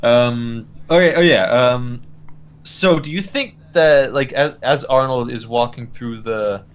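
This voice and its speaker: A man in a relaxed podcast chat, meandering through his thoughts and often restarting his sentences. His voice has a middle pitch for a man and an everyday tone. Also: a little slow, smooth. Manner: rambling, heavy use of "like", hesitant restarts. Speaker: podcast co-host. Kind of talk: casual chat reviewing a cartoon.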